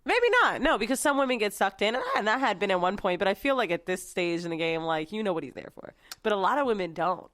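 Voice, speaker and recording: A woman's voice: medium pitch, lively intonation, fast, few pauses, fairly bright tone. A woman co-hosting a podcast, telling brash stories and laughing through her words. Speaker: podcast co-host. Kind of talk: casual chat. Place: studio.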